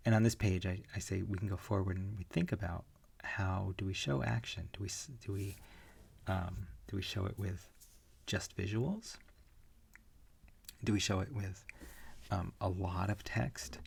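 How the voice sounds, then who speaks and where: A man teaching an online comics class in a relaxed, rambling way, with frequent fillers. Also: low voice, unhurried, vocal fry, long pauses, slightly rough. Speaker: comics instructor. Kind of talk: online lecture.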